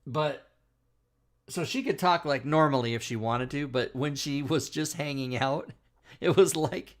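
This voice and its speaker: A man's voice: a little high, a little slow. A man hosting a talk show and telling crude, rambling stories with lots of laughing. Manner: crude storytelling, laughs often. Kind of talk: casual chat.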